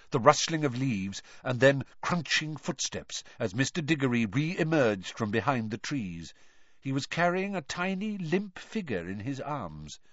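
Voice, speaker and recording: A man reading an audiobook aloud with expressive, lively storytelling. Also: medium pitch, dry recording. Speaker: narrator. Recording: dry, dull lo-fi recording.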